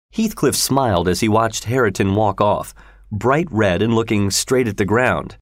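An audiobook narrator, a man with a lowish voice, tells a story in a steady, measured way. The sound is clean studio audio with no echo.

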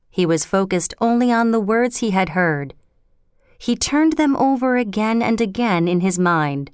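Smooth-voiced woman reading a story. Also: medium pitch, darkish tone, no room sound, clean studio sound. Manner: measured, clear reading. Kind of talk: scripted storybook narration.

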